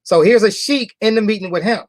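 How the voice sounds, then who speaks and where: A company founder tells members a motivational story in a voice that sits high, recorded dry. He repeats phrases for emphasis, draws out key words, and puts rhetorical questions to the audience.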